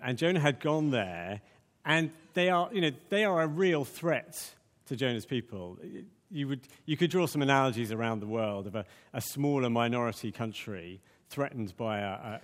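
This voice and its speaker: A man's voice: medium pitch, moderate pace, long reverb tail. A man preaching a conversational sermon, full of fillers and restarts.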